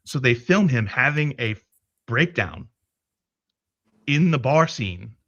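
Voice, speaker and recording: A man's voice: medium pitch, slow, no room sound, lo-fi sound. A man telling a story in a casual livestream chat, cursing freely and restarting his sentences as he goes. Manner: profane, animated retelling with many restarts. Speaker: podcast co-host.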